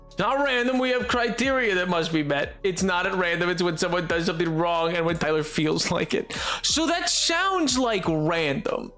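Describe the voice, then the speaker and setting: A young man chatting casually on stream jokes and rambles, breaking into his own sentences with fillers and restarts. His high-pitched voice is animated, bright, and forceful at a normal speed, backed by soft music.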